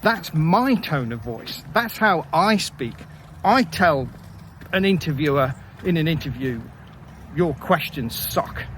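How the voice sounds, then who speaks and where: A man casually telling a story about his own life, with wry, self-deprecating asides and frequent pauses and fillers. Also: on the high side, expressive, a bit bright, a little hiss or hum, rough recording. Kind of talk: casual first-person storytelling.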